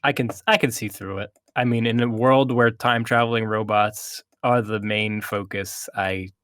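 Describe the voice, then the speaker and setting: A man's voice: lowish voice, steady tone, moderate pace, fairly bright tone, dry recording, clean studio sound. Man co-hosting a casual movie chat. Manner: retells plot with hesitations and restarts. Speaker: co-host, movie reviewer.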